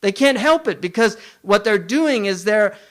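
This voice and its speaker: A man's voice: high voice, expressive, normal speed, a bit bright. A man giving a religious lecture, emphatic, running through long lists and asking rhetorical questions. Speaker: Islamic scholar lecturing.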